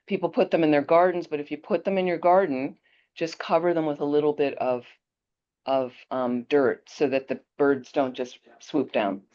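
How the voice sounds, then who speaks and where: A female Buddhist teacher with a deep voice gives a teaching talk built around a personal anecdote, speaking at normal speed. She's an animated, chatty storyteller who restarts her sentences, and the audio is muffled, dull and lo-fi.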